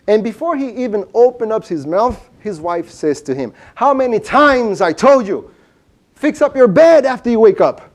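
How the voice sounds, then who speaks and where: A man's voice: sits high, mellow. A man giving a seminar lecture, telling a story with lots of rhetorical questions. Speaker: seminar speaker.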